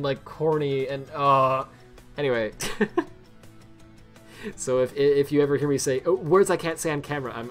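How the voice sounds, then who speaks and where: Rambling young male game streamer. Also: on the high side. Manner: rambling, lots of fillers and restarts, quick laughs. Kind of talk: casual live-stream chat.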